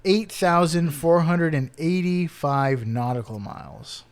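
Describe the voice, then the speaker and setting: A man co-hosting a podcast, quizzing his co-host in casual chat with quick asides. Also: on the high side, clear, resonant tone.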